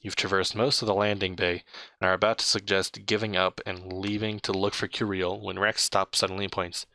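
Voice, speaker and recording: A man's voice: deep voice, level tone, fairly quick, pushed and bright, no room sound. A man reading an interactive space adventure story aloud in a casual way, stopping to comment on his own slips. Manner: chatty, comments on his own slips and laughs mid-read. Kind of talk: casual read-aloud narration.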